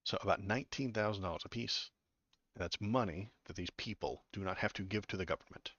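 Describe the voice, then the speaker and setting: Low-voiced sarcastic male stream host. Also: fairly quick, a bit bright, no room sound. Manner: sarcastic, rambling, many fillers and restarts. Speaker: political livestream host. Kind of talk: casual commentary reading news aloud. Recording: dull lo-fi, dry.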